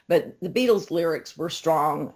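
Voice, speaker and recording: An older woman from Louisiana with a Southern accent, chatting as an author being interviewed, telling stories in an emphatic, lively way. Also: low voice, unhurried. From Louisiana, USA. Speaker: author and guest. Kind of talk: casual interview chat.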